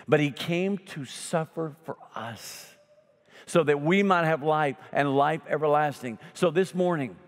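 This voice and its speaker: A male pastor delivering a sermon, swinging between loud emphatic lines and slow hushed ones, with folksy humorous asides. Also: medium pitch. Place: church sanctuary. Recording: long hall reverb.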